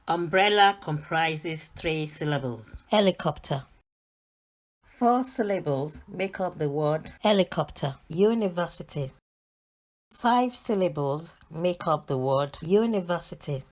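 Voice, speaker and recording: A British reading teacher narrates a slow, scripted beginners' lesson, carefully sounding out letters and words. Her voice is deep and a little mellow.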